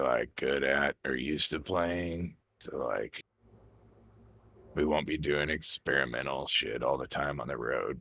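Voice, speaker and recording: Man, very low voice, bright edge, husky, deadpan. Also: slight background noise. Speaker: player. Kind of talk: in-character tabletop chat.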